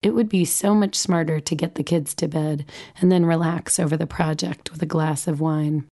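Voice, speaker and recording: A woman's voice: low-pitched, steady tone, normal speed, dark tone. A woman in her forties reading her own memoir with a wry, self-deprecating manner. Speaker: memoir narrator, mother. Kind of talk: audiobook memoir narration.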